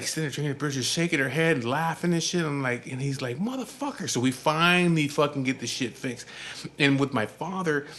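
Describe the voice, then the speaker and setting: A man's voice: a little high, fairly bright tone, a little hiss or hum. A man telling a story in a casual, profane, laid-back way.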